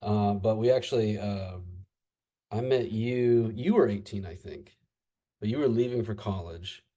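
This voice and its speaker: Halting, low-voiced man in casual conversation. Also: warm tone. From United States. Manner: halting, many fillers and restarts. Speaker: interview guest.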